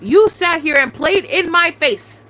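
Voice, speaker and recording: A young woman rants straight into the mic, her voice high and sharp-edged as she swears and repeats her demands. A faint hiss of noise sits under the recording. Her pitch swings widely as the anger rises and falls. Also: expressive, measured pace, low-quality recording. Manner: confrontational, repetitive demands, heavy swearing. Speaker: YouTuber venting on a live stream. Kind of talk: angry venting rant.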